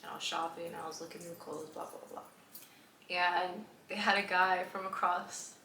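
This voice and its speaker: A woman vlogger talks through her stories in a loose, chatty way, with lots of fillers and frequent bursts of laughter. Her voice is bright and forward. The sound bounces around an echoey room, with a faint hum behind her. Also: fairly low pitch, steady tone, normal speed. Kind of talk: casual storytelling to camera.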